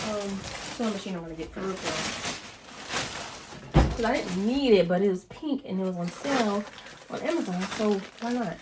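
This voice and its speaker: A woman vlogger chatting casually and gushing excitedly while unboxing a sewing machine. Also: mid-range voice, normal speed, pauses often, very noisy.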